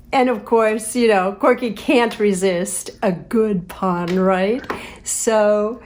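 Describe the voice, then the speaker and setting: A woman's voice: mid-range voice, slow pace. A woman telling a funny travel story in a casual chat, laughing and acting out what people said. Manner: animated, laughing, acts out quotes. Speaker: co-host of a live stream.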